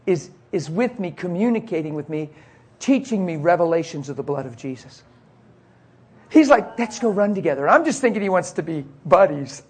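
A male preacher telling an animated story in a sermon, laughing often and acting out other people's voices. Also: on the high side, breathy edge.

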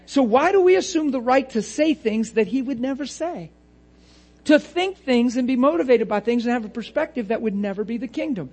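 A man preaching a lively sermon, laughing often and acting out little voices to make his points. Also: very high-pitched, fairly quick.

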